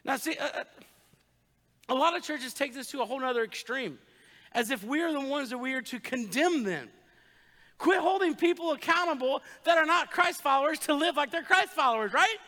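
A man's voice: very high voice, animated, bright, forceful tone. A man pastor, giving a sermon in a church in a chatty, joking way and teasing the congregation. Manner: joking, conversational preaching with quick asides to the crowd. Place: church sanctuary. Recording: long hall reverb.

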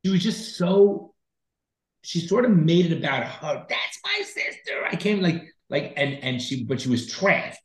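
A man's voice: on the high side, lively intonation, a little slow. Profane, rambling man in an echoey room. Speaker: podcast co-host. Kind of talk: casual chat.

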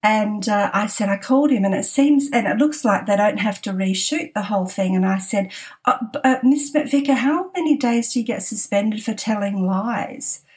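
A woman's voice: mid-range voice, moderate pace. A middle-aged woman telling a family anecdote on a podcast, laughing often and acting out the quotes. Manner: laughs often while telling, animated quoting. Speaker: podcast storyteller. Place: at home desk.

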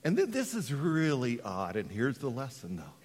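A middle-aged man from Western Colorado preaching a sermon, dropping to hushed tones and rising to shouts. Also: medium pitch, huge pitch swings, moderate pace, husky, long reverb tail. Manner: dramatic, swings from hushed to shouting. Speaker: pastor.

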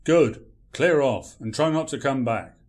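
An actor playing a grumpy, irritable writer with a curt, dry way of talking. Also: male voice, medium pitch, measured pace, a little mellow, natural voice. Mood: dismissive. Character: grumpy, irritable male writer named Kilter.

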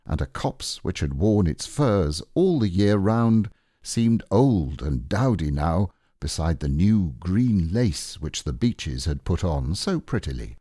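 Deep, slow male storybook narrator. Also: dry recording, studio quality. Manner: slow and unhurried, gentle phrasing. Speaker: audiobook reader.

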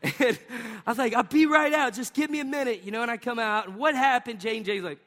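Animated preacher man in a reverberant hall. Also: very high voice, fast talker. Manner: animated storytelling with bursts of acted-out sounds; laughs often while telling stories. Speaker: pastor. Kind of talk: sermon.

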